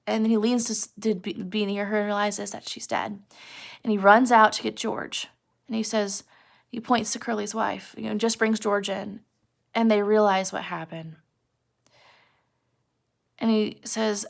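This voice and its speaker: Teacher, female, gravelly voice, pitched a little high, chatty classroom retelling of a chapter with acted-out dialogue. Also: a bit bright. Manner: casual, chatty retelling that acts out lines of dialogue. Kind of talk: retelling a novel chapter to students.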